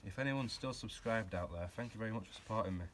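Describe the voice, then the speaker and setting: A low-voiced man with a fairly bright tone talks quickly to camera while working in his home garage, a hobby car restorer hosting his own channel. The casual workshop vlog drifts between jokes and shop talk, full of self-mocking humor and rambling tangents, with a faint hum in the background.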